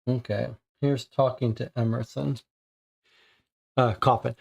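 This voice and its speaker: A man's voice: medium pitch, unhurried, darkish tone. Puzzled man reading a mystery game. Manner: thinking aloud, puzzled, musing. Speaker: game player and host.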